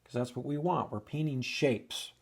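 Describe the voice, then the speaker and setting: A man's voice: medium pitch, moderate pace, vocal fry. A man giving a casual oil painting lesson, thinking aloud and restarting sentences as he works at the easel. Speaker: painting instructor.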